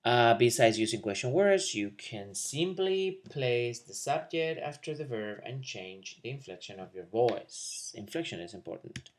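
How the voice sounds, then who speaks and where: A man in the middle of the usual pitch range gives a recorded language lesson. He talks loosely between points, with fillers and quick asides. Then he slows down to model example sentences with a clear rising question tone. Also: sing-song. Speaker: Spanish teacher.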